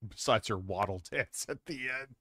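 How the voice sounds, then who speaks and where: A man's voice: lowish voice, moderate pace, noisy background. A man co-hosting a casual commentary stream, mocking and often laughing. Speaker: stream co-host.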